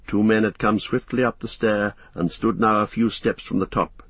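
Male narrator, husky voice, dry close sound, steady measured reading. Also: lowish voice, dry recording. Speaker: audiobook narrator. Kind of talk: scripted narration of a fantasy novel.

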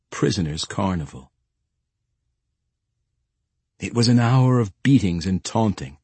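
Low husky male narrator, lively intonation, measured fantasy audiobook read. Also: no echo. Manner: expressive, measured storytelling.

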